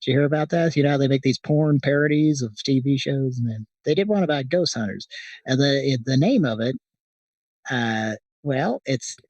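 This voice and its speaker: A man's voice: mid-range voice, normal speed, darkish tone, dry recording, distant mic, muffled recording. A man co-hosting a comedy show, rambling through announcer-style patter with many hesitations. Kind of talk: casual banter.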